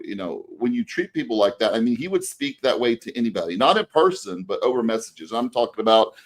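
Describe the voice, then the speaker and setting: Low-voiced man telling a rambling story. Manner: rambling anecdote with many fillers and restarts. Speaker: podcast co-host. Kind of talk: casual storytelling chat.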